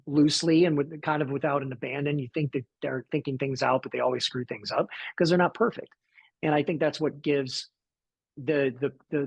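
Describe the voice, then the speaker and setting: A man with a Southern US accent, slightly higher than usual for a man, with a husky, breathy edge. He answers interview questions thoughtfully, stumbling and restarting as he works out his points. The sound is dry and close, with no room around it. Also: no room sound. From Southern United States. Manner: thoughtful, halting, with many restarts and repeated words. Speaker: actor interviewed about his film.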